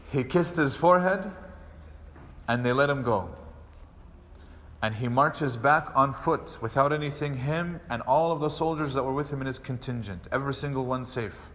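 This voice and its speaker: A man, an imam, giving a mosque lecture, telling a story and acting out the quoted speech with lively delivery. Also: medium pitch, measured pace, long pauses. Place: mosque hall. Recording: long hall reverb.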